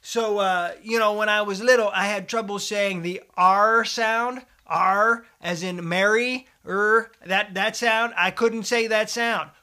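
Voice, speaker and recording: A middle-aged man hosting a satirical show, talking in a folksy preacher cadence with deadpan humor. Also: sits high, slow, few pauses. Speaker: comedic host of a satirical show.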